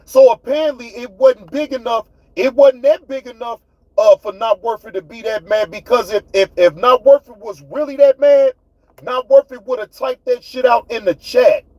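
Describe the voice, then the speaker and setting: High-voiced man ranting hotly on stream. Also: moderate pace, a little mellow, dry recording, dull audio. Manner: profane, fiery, talks straight to chat. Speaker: livestream host. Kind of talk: heated livestream rant.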